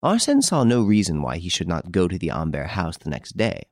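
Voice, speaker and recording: Deep-voiced male audiobook narrator. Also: wildly swooping pitch, darkish tone, dry recording, studio quality. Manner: measured, formal storytelling. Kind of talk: scripted narration.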